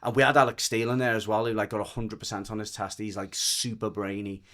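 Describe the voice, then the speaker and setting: A man's voice: fairly low pitch, little pitch movement, fast, a bit bright. A man from the Wirral with a Merseyside accent, telling a story in casual podcast chat, rambling and frank, often restarting and swearing. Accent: Merseyside English. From the Wirral, England. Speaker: dog trainer and podcast guest.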